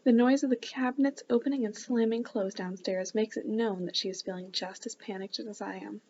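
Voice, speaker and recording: A woman casually reading a novel aloud in a soft, hushed voice, stopping now and then for chatty asides. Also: mid-range voice, steady tone, a little fast, dull audio, a little hiss or hum. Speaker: book club reader.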